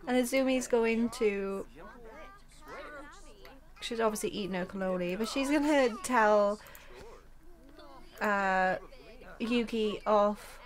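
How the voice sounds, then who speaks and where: A woman's voice: fairly high pitch, slow pace, long pauses. A young woman hosting a gaming channel, chatting casually through a life-sim playthrough and laughing easily. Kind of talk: casual let's-play narration.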